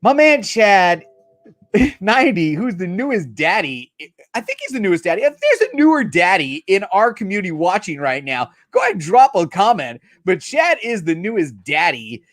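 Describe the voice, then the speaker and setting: A middle-aged man hosting a casual live stream, excitedly shouting out viewers in the chat. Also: high voice, normal speed, dry recording, studio quality. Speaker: livestream host.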